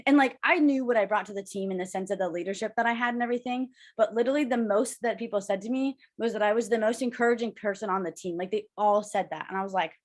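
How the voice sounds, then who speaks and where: A young woman co-hosting a casual chat over a video call, bubbly and rambling, with lots of "like.". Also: medium pitch. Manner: fast, bubbly, rambling with many "like"s. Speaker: podcast co-host.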